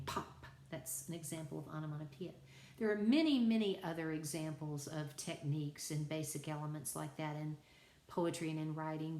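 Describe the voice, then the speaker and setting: A woman's voice: on the low side, a little mellow. Chatty woman teacher, echoey room. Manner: chatty, conversational, self-correcting, asides to students. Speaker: college writing teacher. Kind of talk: recorded lecture to students.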